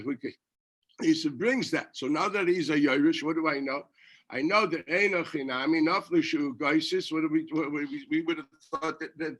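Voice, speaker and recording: Animated high-voiced rabbi teaching Talmud. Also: male voice. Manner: animated, rhetorical questions, frequent restarts. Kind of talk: yeshiva Talmud lecture.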